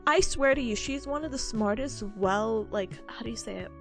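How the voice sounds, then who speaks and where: Giggly high-pitched woman streamer. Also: moderate pace, faint music behind. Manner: animated, giggly, rambling with many fillers and restarts. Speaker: study streamer. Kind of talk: casual storytelling chat to live viewers.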